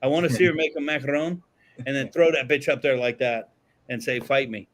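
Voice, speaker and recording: A man co-hosting a podcast in casual chat, joking and excitable, swearing freely. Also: medium pitch, fairly quick. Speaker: podcast co-host. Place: podcast studio.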